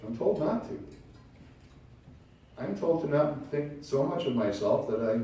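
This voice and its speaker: A pastor preaching a sermon in a church sanctuary, heard from a distance in a very echoey room. His voice is mellow and mid-pitched, and he acts out small scenes as he tells stories. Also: moderate pace, a little hiss or hum. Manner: animated storytelling preacher, acting out little scenes.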